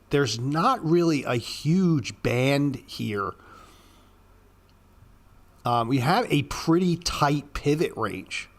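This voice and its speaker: A man giving blunt, profane casual commentary on stock charts, ranting at panicked traders. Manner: mocks panicked traders in a high squeaky voice. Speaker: market commentator.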